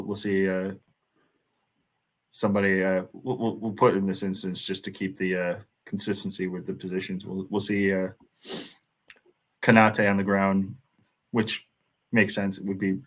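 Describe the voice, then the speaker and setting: American man, very low voice, casual watchalong banter, frequent laughs. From United States. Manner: laughs often, loose rambling banter. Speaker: watchalong co-host. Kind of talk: casual match commentary chat.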